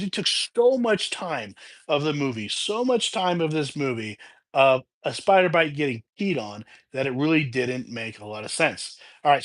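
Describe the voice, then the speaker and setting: A married man reviewing a movie in a casual, chatty way, retelling the plot with laughs and quick asides. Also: on the high side. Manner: chatty, animated retelling with laughs and quoted voices.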